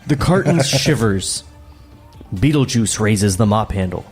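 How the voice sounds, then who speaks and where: A man's voice: on the low side, animated, measured pace, husky, soft background music. A man co-hosting a comedy table read, narrating stage directions plainly with joking asides. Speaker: co-host and narrator. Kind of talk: reading stage directions aloud.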